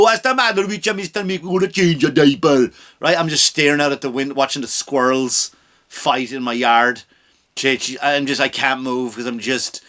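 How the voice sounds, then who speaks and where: A middle-aged immigrant to the US with a mid-range, sharp-toned voice hosts a comedy podcast. He rants with plenty of profanity and mocking impressions.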